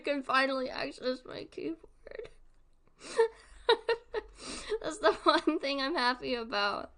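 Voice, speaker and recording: A woman's voice: sits high, expressive, takes it slowly, long pauses, fairly bright tone. A young woman streaming live, chatting casually and rambling, laughing often between thoughts. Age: young adult.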